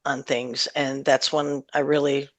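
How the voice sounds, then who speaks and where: A woman's voice: extremely low pitch, flat delivery, unhurried, dry recording. A middle-aged woman, a singer-songwriter, chatting casually and laughing often as an interview guest. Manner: chatty and warm, laughs often, rambles with fillers.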